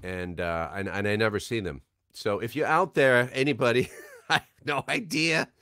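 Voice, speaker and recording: A man's voice: medium pitch, fairly even intonation, moderate pace, sharp tone, dry recording, clean studio sound. A man hosting a signing livestream, talking in a rambling, chatty, self-deprecating way at a desk microphone. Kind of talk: casual livestream chat.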